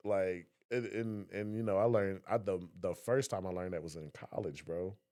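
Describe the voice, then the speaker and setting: Young guy on a podcast, deep-ish voice, chatty, tells stories and does little voices. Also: normal speed. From Southern West Virginia. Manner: animated storyteller, acts out voices. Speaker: podcast co-host. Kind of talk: casual conversation.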